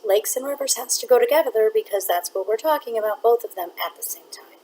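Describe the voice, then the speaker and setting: A woman teaching a reading lesson, explaining phrasing in a clear, deliberate way and sometimes reading word by word to demonstrate. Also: on the high side, warm tone, slight background noise, poor audio. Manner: clear, deliberate teacher talk, reads words one at a time to demonstrate.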